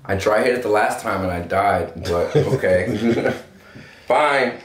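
A man's voice: fairly low pitch, slow. Brash swearing man in an echoey room. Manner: brash, joking, swears a lot. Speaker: cannabis strain reviewer. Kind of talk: casual profane review chat. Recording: echoey room with faint noise.

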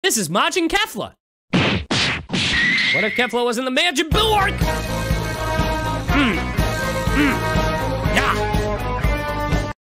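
A man's voice: very high-pitched, big pitch swings, slow, long pauses, loud music behind the voice. A man hosting a reaction video in casual commentary, exasperated and swearing, with sarcastic asides.

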